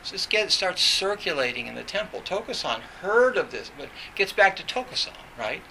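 A man gives an informal Zen dharma talk, his voice very bright and cutting with a slightly high pitch. He meanders through his story, restarting phrases and filling gaps with "you know". Faint noise hums underneath. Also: very animated, moderate pace, gravelly, poor audio.

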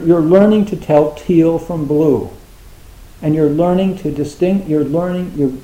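A man's voice: sits high, warm tone, reverberant, poor audio. A man giving a Zen dharma talk in a conversational way, acting out his students' thoughts and using many fillers. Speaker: Zen teacher.

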